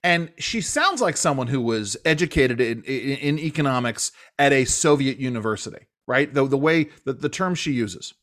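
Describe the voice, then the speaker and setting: A man hosting a political talk show, speaking in a halting way with many restarts and fillers. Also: mid-range voice, animated, fairly bright tone. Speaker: radio talk show host.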